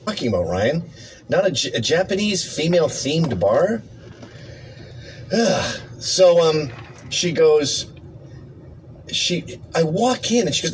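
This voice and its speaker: A man's voice: mid-range voice, measured pace, long pauses, slight background noise, rough recording. A man hosting a podcast, telling comedic stories in casual chat and acting out the people in them. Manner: animated, acts out voices in anecdotes. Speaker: podcast host.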